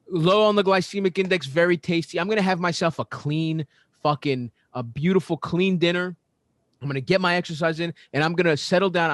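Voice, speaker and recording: A man co-hosting a casual sports podcast, telling a long profane story in animated, ranting bursts. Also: a little high, no echo. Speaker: podcast co-host.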